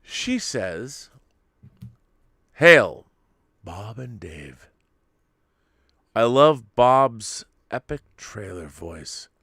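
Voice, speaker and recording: A man's voice: on the low side, sing-song, drawn-out words, pauses often, fairly bright tone, no room sound, studio quality. A man hosting a casual live-streamed show, reading out viewer tips and getting flustered by his co-host's jokes. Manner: flustered, exclaiming, stammering restarts. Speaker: podcast host.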